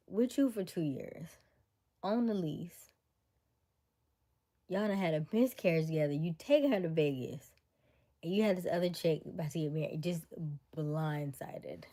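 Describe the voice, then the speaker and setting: A woman hosting a livestream, chatting casually to her viewers and retelling a story in an animated, incredulous way. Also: on the low side. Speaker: livestream host.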